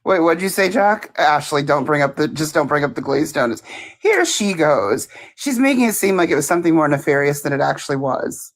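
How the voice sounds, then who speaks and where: A woman's voice: deep voice, a little fast. A woman hosting a casual live stream, laughing often and poking fun at herself. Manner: laughing, animated, self-deprecating.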